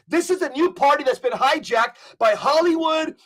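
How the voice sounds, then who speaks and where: A man's voice: very high-pitched, moderate pace, fairly bright tone. A man giving impassioned commentary as a guest, fervent and preachy, rattling off long lists.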